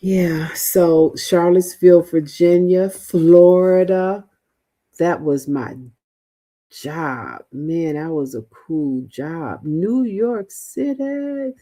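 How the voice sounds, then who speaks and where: A middle-aged woman talks loosely to her livestream viewers. Her voice sits low and warm, and she takes her time, trailing off into fillers and restarting her thoughts. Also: slow pace. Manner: chatty, rambling, many fillers and restarts. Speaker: livestream host, veteran housing mentor. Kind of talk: casual livestream chat reading viewer comments.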